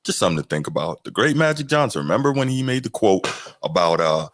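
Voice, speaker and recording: A man hosting a podcast, reacting to clips in a relaxed, chatty way with fillers. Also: lowish voice, fast, no echo, clean studio sound. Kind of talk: casual commentary.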